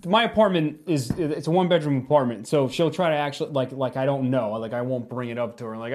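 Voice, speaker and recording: A man's voice: medium pitch, brisk. A man telling a funny story in a casual chat, acting out other people's lines as he goes. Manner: animated storyteller, acts out quotes. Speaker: sister's fiance.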